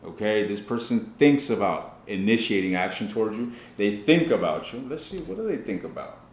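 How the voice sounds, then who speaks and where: A man's voice: lowish voice, animated, normal speed. Male tarot reader, brash and foul-mouthed, teasing tone, echoey room. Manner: blunt, brash, swears freely, teasing. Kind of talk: profane tarot reading to camera.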